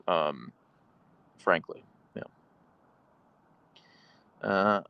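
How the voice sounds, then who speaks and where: A man's voice: a bass voice, very animated, slow pace, vocal fry, long pauses, dry recording. A man live streaming from his phone on an outdoor couch, reading chat aloud in a wry, rambling way.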